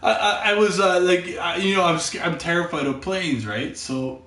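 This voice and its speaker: A man's voice: sits high, moderate pace, a crowd in the background. A young Canadian man with a Canadian accent, telling profane, rambling stories in casual chat with lots of stammered restarts. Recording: roomy, distant from the mic.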